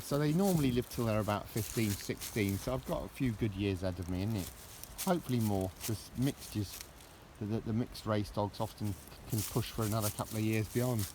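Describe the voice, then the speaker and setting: A middle-aged man chatting casually for his vlog, rambling and jokey with cheeky asides, recorded outdoors on a walk. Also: lowish voice. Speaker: vlogger. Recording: outdoor recording with loud background noise.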